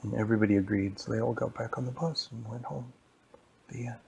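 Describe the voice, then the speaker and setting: Man with a creaky voice improvising a casual, rambling story aloud. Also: mid-range voice, fairly even intonation, quick pace, a little mellow, muffled recording, slight background noise. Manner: casual, rambling, repetitive telling. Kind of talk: improvised bedtime-style storytelling.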